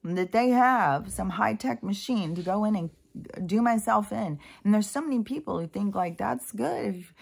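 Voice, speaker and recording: Her voice sits in the mid-range, creaky with a breathy edge, at a moderate pace. This female vlogger delivers a meandering, chatty monologue packed with fillers and asides.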